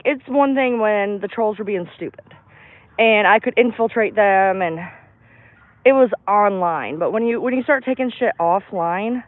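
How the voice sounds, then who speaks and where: A woman's voice: medium pitch, no room sound. A woman on a livestream, venting bluntly and emphatically and swearing freely as she talks. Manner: blunt, profane, emphatic ranting. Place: outdoors in a park. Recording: tinny phone-like, dry sound.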